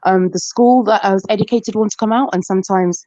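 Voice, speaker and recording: A woman's voice: mid-range voice, warm tone, no room sound. Panel guest, woman from Jamaica, London-Jamaican accent, teasing banter, dry muffled lo-fi sound. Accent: London mixed with Jamaican. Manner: teasing, laughs often, quick banter. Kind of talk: casual live panel chat.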